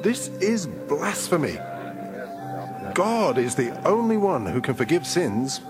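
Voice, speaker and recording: A man's voice: on the high side, sing-song, slow pace, music in the background, voice pushed up. A man voicing scandalized teachers of the law in a dramatized scripture recording, accusing in manner. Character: indignant male teachers of the law.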